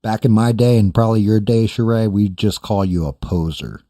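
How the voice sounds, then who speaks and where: Low, dark-voiced older man ranting casually. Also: normal speed, no echo, studio quality. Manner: profane, rambling, self-deprecating. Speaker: streamer host. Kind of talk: casual chat reading live chat.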